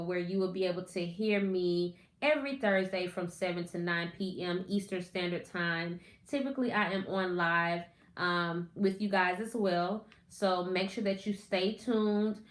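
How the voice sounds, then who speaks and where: Woman podcast host on a live stream, chatty, mid-range voice, recorded in an echoey room. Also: mid-range voice. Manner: chatty, greets viewers by name. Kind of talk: casual live-stream talk.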